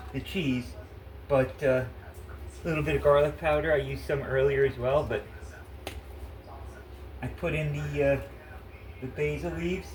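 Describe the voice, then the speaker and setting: A man's voice: on the high side, a little hiss or hum, rough recording. A man casually chatting in his home kitchen while cooking, rambling with lots of fillers. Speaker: home cook vlogger.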